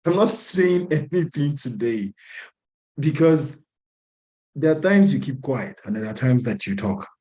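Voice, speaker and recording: A man's voice: mid-range voice, lively intonation, a little slow, warm tone, low-quality recording. A man who is president of the group, giving a motivational address at an online meeting and repeating lines for emphasis. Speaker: organization president. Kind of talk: motivational address on a video call.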